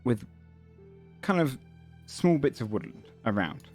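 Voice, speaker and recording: A man in a mid-range voice leads a tabletop game as its game master. He describes the scene haltingly, pausing on ums and fixing his words as he goes, with faint music underneath. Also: mid-range voice, sing-song, a little mellow. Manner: halting, many ums and self-corrections.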